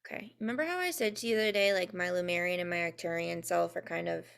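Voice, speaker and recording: A young woman giving a casual spoken intuitive reading, halting and full of ums, sometimes spelling words out. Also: on the low side, vocal fry, fairly bright tone, clear, resonant tone. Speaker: intuitive reader and co-host.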